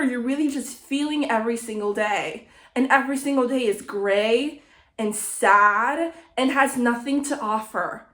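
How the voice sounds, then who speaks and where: A young woman vlogging a casual, animated rant, a little sick and swearing often. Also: on the high side, echoey room. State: slightly sick. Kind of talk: casual ranting monologue.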